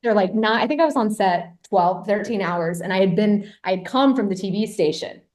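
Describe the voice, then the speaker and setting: A woman guest on a podcast telling a story casually, lively and self-mocking, with lots of "like" and a bit of swearing. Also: mid-range voice, a little fast.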